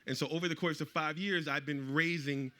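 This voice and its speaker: A middle-aged male author at a live book event tells the audience a personal story, animatedly acting out the voices of people he quotes. His pitch is a little high and he speaks a little fast.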